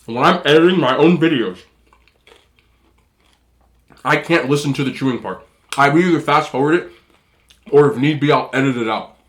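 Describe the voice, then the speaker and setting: A man's voice: a little high, normal speed, long pauses, a bit bright. Chatty, slightly nasal man eating on camera. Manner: rambling, chatty, talks between bites. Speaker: food vlogger. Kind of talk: casual mukbang chat while eating.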